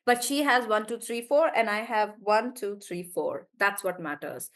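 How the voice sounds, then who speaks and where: A woman teaching a live online English class, warmly praising students and slowly drawing out words as she models how they sound. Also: medium pitch. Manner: encouraging, drawn-out words when modelling pronunciation.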